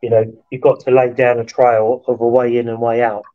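A man with a flat, even delivery chimes in with short, affirming remarks. His voice comes through dull, lo-fi stream audio. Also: mid-range voice, moderate pace. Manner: brief, affirming interjections. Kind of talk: casual chat.

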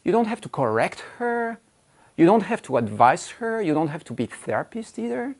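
Animated male coach with lively pitch. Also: normal speed. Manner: animated, acting out quoted speech with big swings of pitch; emphatic, repeats phrases for stress. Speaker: relationship coach. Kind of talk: direct-to-camera coaching talk.

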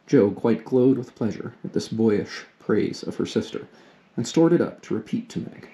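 A man with a low, mellow voice reads a classic novel aloud to his child. He narrates in a steady, unhurried way, like a bedtime story. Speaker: father reading to his daughter.

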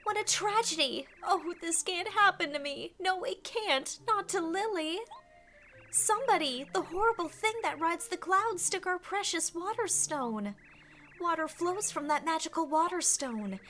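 A woman's voice: very high-pitched, lively intonation, a little slow, pushed and bright, voice pushed up, heavily acted. A woman voicing a dramatic, vain young female flower spirit, gushing and melodramatic as she reads game dialogue aloud.

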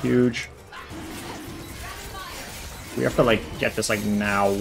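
A man chatting excitedly while playing a video game, swearing a lot and breaking into loud outbursts. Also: on the low side, takes it slowly, vocal fry, music in the background. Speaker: gaming streamer. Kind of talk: excited gameplay chat.

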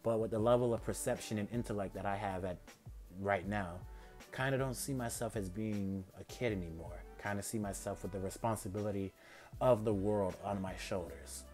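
Man reading a calm eight-year-old demon boy: quiet, measured, confident. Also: soft background music, lightly acted. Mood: cool. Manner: calm, low, measured delivery.

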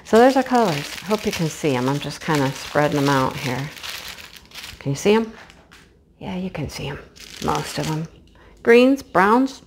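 A woman chatting casually to her viewers as she unboxes a craft kit, gushing with excitement. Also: deep voice, slight background noise. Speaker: craft vlogger.

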